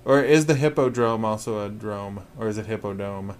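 A man's voice: lowish voice, brisk, darkish tone, smooth. A man co-hosting a podcast in casual chat, with a dry, joking manner as he tosses out ideas. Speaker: podcast co-host.

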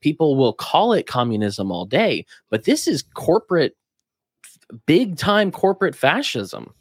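A man's voice: fairly high pitch, big pitch swings, unhurried, breathy edge, no room sound, clean studio sound. A man co-hosting a casual political talk podcast, speaking emphatically and pushing his voice up at strong points. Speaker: podcast co-host.

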